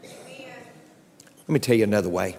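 A man preaching a sermon as pastor, joking with the congregation and jumping up in pitch for emphasis. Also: takes it slowly, breathy edge. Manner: animated preaching with jokes, voice leaping up in pitch. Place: church sanctuary. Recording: long reverb of a large hall.

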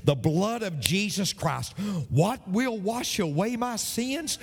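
A male pastor delivering an emphatic sermon, with dramatic pauses and repeated phrases. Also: extremely high pitch, expressive, long reverb tail.

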